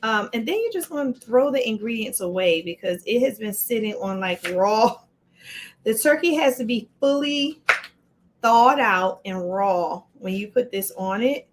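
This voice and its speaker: A woman with a slightly high voice hosts a relaxed live cooking stream from her home kitchen. She talks through each step as she chops and keeps greeting viewers by name. Soft clinks of dishes and pans sit faintly behind her. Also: measured pace, slight background noise. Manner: chatty, greets viewers by name mid-task. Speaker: livestream cooking host. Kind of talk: casual live cooking demo.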